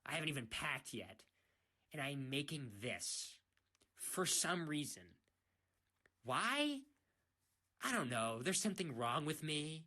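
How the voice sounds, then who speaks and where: Bright-voiced young man rambling into phone. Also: fairly high pitch, a little slow. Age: young adult. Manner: rambling, self-mocking, playful teasing. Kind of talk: casual rambling monologue. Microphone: phone microphone.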